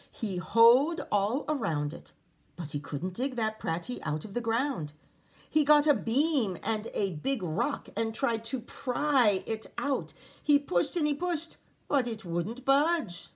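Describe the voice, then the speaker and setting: Expressive teacher reading a picture book. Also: female voice, fairly high pitch, breathy edge. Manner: expressive, with chatty asides to the children.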